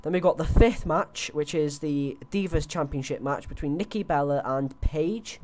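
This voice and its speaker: A man's voice: a little high, normal speed, background noise. A young man on a headset, chatting loosely through his predictions with lots of fillers and restarts. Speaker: host. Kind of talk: casual wrestling predictions chat.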